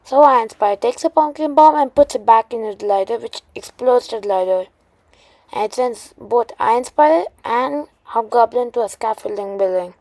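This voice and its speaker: A woman retelling a made-up superhero story, halting often with restarts and fillers. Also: on the high side, warm tone, no room sound.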